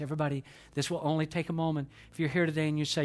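A male pastor preaching a sermon in a large dark auditorium, swinging from loud emphatic lines to hushed ones. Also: fairly high pitch, flat delivery, rapid-fire, few pauses.

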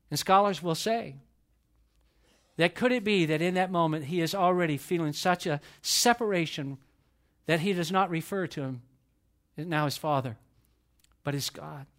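Guy preaching in church, kinda high voice, repeats lines, goes big then goes quiet. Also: normal speed. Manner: impassioned, repetitive preaching with sudden swells and hushed drops. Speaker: pastor. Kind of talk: sermon. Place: church service.

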